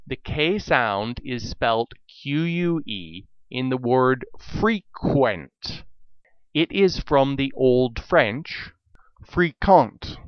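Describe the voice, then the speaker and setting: A man with a smooth, resonant voice gives a scripted spelling lesson at a very slow, deliberate pace, spelling out letters one by one. His pitch moves lively up and down as he explains. The sound is dry and a little dull, like a lo-fi recording. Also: no echo. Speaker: spelling teacher.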